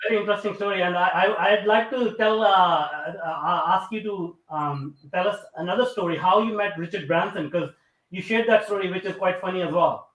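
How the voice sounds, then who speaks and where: A man's voice: sits high, fairly quick, fairly bright tone. A man hosting an interview, asking questions hesitantly with many fillers. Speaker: interview host. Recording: roomy echo.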